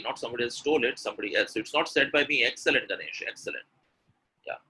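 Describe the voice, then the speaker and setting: A man's voice: mid-range voice, quick pace, sharp tone, a little hiss or hum, low-quality recording. A man from India, teaching pronunciation in a live online webinar, stressing words emphatically and constantly calling on his audience to respond. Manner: emphatic, drills stress with repeated example sentences; keeps prompting the audience with "Hello?" and questions. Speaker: English pronunciation trainer.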